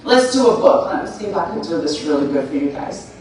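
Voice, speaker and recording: A woman's voice: fairly low pitch, sing-song, fast, darkish tone. A woman giving a playful motivational talk, telling a story and acting out its characters for the crowd. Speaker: speaker. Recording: echoey hall, far from mic.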